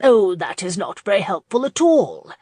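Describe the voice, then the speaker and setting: A woman's voice: mid-range voice, sing-song, normal speed, warm tone, breathy edge, no room sound, studio quality, voice pushed up. A woman doing a fussy elderly society matron. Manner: prim, insistent.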